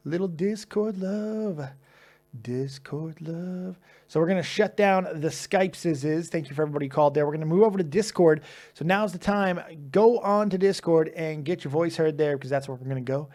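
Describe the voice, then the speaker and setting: A man's voice: fairly high pitch, fast, darkish tone. A man hosting a live call-in stream, chatting casually, swearing often and laughing, with plenty of restarts. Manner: profane, laughing, rambling with restarts. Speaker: host of a live call-in show.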